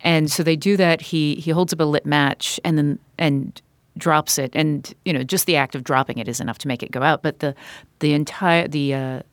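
Woman with a notably low voice, a podcast guest telling stories in a casual chat, full of ums and restarts. the recording is close and dry, with no room sound at all. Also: steady tone, moderate pace, hardly any pauses, dry recording. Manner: chatty storyteller, many fillers and restarts. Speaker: podcast guest, author and puppeteer. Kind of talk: casual conversation.

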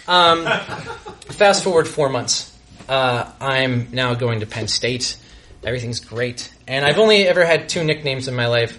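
A young man telling a self-deprecating true story on stage before a live audience, halting and restarting his sentences. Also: medium pitch, animated, pushed and bright, a little hiss or hum.

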